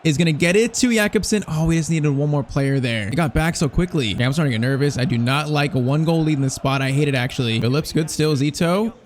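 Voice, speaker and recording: A young man giving casual, excitable play-by-play of his own football video game, anxious and full of slang. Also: a little high, fast talker, few pauses, a little hiss or hum. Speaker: gaming YouTuber. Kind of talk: casual gameplay commentary.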